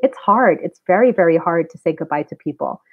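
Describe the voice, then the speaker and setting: A woman's voice: on the low side, animated, a little fast, breathy edge. A woman in her forties, a spiritual reader and wellness center owner, chatting casually and earnestly with her live-stream viewers and addressing them directly. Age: 40s. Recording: tinny phone-like sound.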